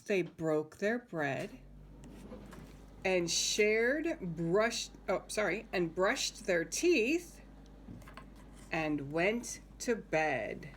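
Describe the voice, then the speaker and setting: A woman reading a picture book aloud to young children, gently stopping to point out the pictures and ask questions. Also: on the low side, big pitch swings, extremely slow, slight background noise. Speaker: home-school teacher.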